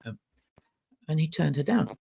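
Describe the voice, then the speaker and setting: Man guest storyteller, gravelly, husky, animated, acts out the people in his story. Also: on the high side, normal speed, low-quality recording. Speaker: podcast guest. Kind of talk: storytelling in casual conversation.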